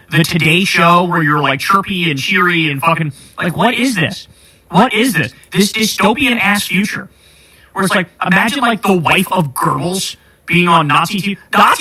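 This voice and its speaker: A man with a high, piercingly bright voice delivers political commentary as a rant. He is sarcastic and profane, and his delivery runs hot and heated. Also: breathy edge, poor audio. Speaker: podcast host.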